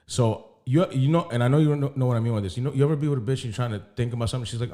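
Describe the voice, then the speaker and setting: A man co-hosting a podcast talks candidly about his relationship, cursing as he tells his stories. His voice sits at an ordinary middle pitch. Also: racing, mellow. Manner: candid, profane storytelling. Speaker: podcast co-host. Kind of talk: casual chat.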